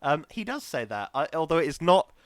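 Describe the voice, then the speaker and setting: A man's voice: a little high, sing-song, brisk, a little hiss or hum. A young man from the English Midlands with a Midlands accent, co-hosting a podcast in casual, joking, rambling chat and laughing often. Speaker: podcast co-host.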